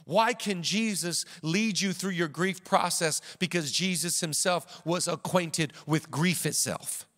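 A man's voice: fairly high pitch, measured pace, hardly any pauses, fairly bright tone, in a large hall. A man pastor preaching a sermon with an emphatic, repetitive cadence.

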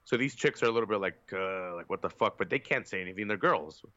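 A man's voice: lowish voice, animated, fast talker, sharp tone, no echo, dull audio. A man on a podcast telling a long, profane, rambling story in casual chat, with lots of fillers. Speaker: podcast co-host.

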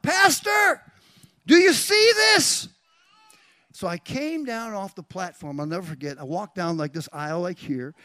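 A man in his sixties, a pastor, telling a testimony in a sermon, animated, swinging from quiet storytelling to loud bursts. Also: high-pitched, no echo.

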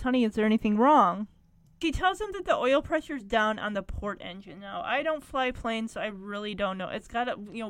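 A woman's voice: fairly high pitch, pushed and bright, clear, resonant tone, no room sound. A woman casually recapping a TV episode, chatty and rambling with lots of fillers.

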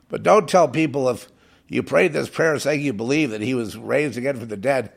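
A man's voice: mid-range voice, moderate pace, creaky. A man preaching on air in a fervent, scornful monologue, hammering points home by repeating phrases. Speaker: radio preacher.

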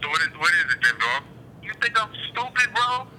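A man's voice: high-pitched, sing-song, fairly quick, bright, forceful tone, a little hiss or hum, exaggerated voice, rough recording. A man playing a threatening street dealer who demands his money back. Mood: menacing. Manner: threatening, aggressive, repetitive questioning.

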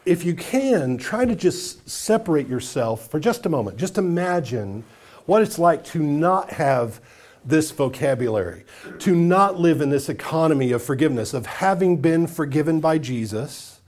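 A man's voice: fairly high pitch, animated, moderate pace, darkish tone. A man preaching a sermon as pastor, talking earnestly and with emphasis, stacking up lists and putting questions straight to his congregation.

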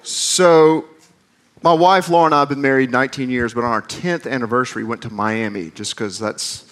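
A man's voice: mid-range voice, fairly quick. Man from the American South, forties, campus minister, sermon with chatty stories and self-deprecating jokes. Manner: conversational, animated, self-deprecating humor. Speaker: campus minister, guest preacher. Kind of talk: sermon with storytelling.

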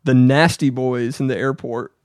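A man's voice: normal speed, dry recording, studio quality. A man co-hosting a podcast who tells a story in casual chat and acts out the quotes. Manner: animated storyteller, acts out quotes with pitch jumps. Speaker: podcast co-host.

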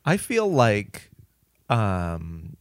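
A man co-hosting a podcast, talking about a movie in a relaxed, jokey way with quick replies. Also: fairly low pitch, clear, resonant tone, dry recording, studio quality. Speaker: podcast co-host. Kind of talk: casual movie chat.

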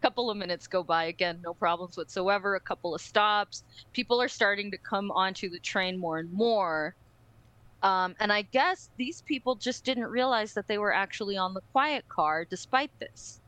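A woman co-hosting a podcast, telling a story in a casual, animated and profane way and acting out other people's voices. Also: mid-range voice, moderate pace, dry recording, low-quality recording. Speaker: podcast co-host.

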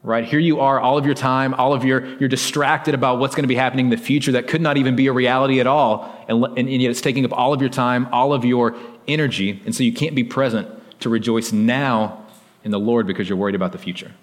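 Moving at a quick pace, a male pastor speaks to his congregation conversationally, often saying "like" and "right?". His ordinary middle-pitched voice carries a long reverb from the hall.

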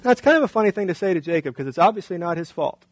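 A man's voice: a little high, very fast, poor audio. A male pastor preaching a sermon in a conversational way, often asking the congregation rhetorical questions.

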